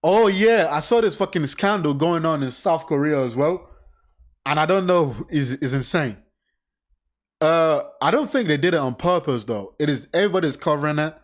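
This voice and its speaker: A man reading a crime case aloud and reacting casually, blunt and swearing often, with animated side remarks. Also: on the high side, normal speed. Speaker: reaction commentator.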